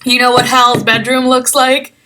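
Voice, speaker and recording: A woman's voice: fairly high pitch, level tone, normal speed, pushed and bright. A young woman narrating a tabletop game as game master, chatty, with many ums and giggles.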